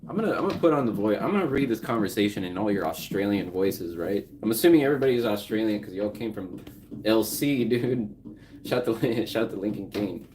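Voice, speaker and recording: A man's voice: lowish voice, lively intonation, fast, a little mellow, slight background noise. A man livestreaming, chatting loosely and profanely with his viewers, laughing often. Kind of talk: casual livestream chat.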